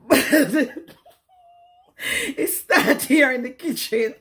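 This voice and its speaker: Nervous Jamaican woman, high and slow. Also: fairly even intonation. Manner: nervous, laughs through her words, keeps repeating "guys". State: nervous and embarrassed, near tears. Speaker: cooking channel host. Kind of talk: emotional direct-to-camera confession. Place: home kitchen, indoors. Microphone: camera set down in front of her.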